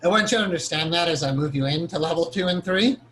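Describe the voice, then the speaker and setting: A man leads a meditation lesson in a loose, talky way, doubling back to correct himself mid-sentence. His voice sits a little on the higher side, and there is a faint hiss underneath. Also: quick pace, fairly bright tone, rough recording. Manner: rambling and conversational, with frequent self-corrections; earnest, chuckles now and then. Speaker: meditation teacher. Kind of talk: informal spoken lecture.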